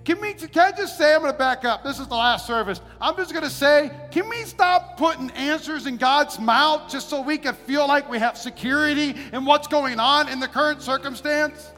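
A man preaching an impassioned sermon, swinging between shouts and hushed passages. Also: very high-pitched, lively intonation, moderate pace. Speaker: pastor. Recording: long hall reverb, faint music.

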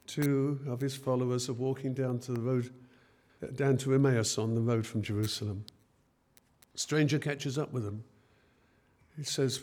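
A man's voice: medium pitch, steady tone, unhurried, pauses often, a little mellow. A man preaching a sermon in church. He retells the scenes as everyday conversations.

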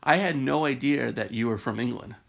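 Gravelly-voiced male podcast host. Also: mid-range voice, fairly quick. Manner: friendly, hesitant, fillers in questions. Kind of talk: interview podcast.

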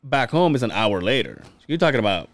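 A man co-hosting a casual podcast, telling animated stories, acting out quoted dialogue and swearing freely. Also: mid-range voice, brisk, no room sound, clean studio sound. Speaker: podcast co-host.

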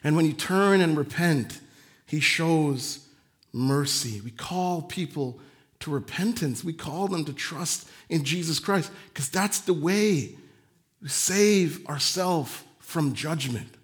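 High-pitched, slow-preaching male pastor. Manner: animated preaching, acting out quoted voices, swinging from loud to soft. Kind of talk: sermon.

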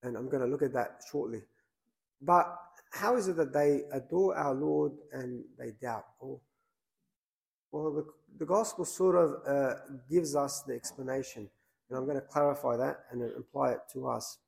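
A man's voice: mid-range voice, moderate pace, creaky, a little mellow, poor audio. A man, a priest, preaching a sermon in a plain conversational way, with many fillers and restarts.

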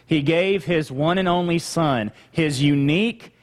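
Slow-spoken pastor in a reverberant hall. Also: male voice, fairly high pitch. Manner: conversational preaching with rhetorical questions and asides. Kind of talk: sermon. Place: church sanctuary.

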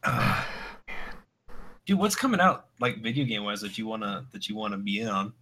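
A man's voice: fairly low pitch, sing-song, normal speed, bright, forceful tone. A man co-hosting a casual podcast chat, rambling through stories with lots of laughter and acted-out quotes. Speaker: podcast co-host.

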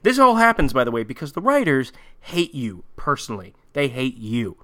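A man with a bright, lively voice that swings up and down in pitch. He gives a sarcastic, profane recap of a movie for a comedy podcast. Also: moderate pace. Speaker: podcast host.

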